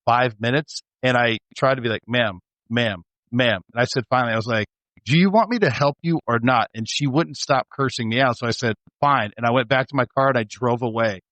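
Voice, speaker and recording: A man recalls his days as a sheriff's deputy in a lively, animated chat, with some exasperation in how he tells it. His voice sits in the middle range and sounds close and dry. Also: mid-range voice, fairly quick, hardly any pauses, no echo. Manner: animated, laughs while telling. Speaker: former sheriff's deputy, podcast guest. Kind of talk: casual storytelling chat.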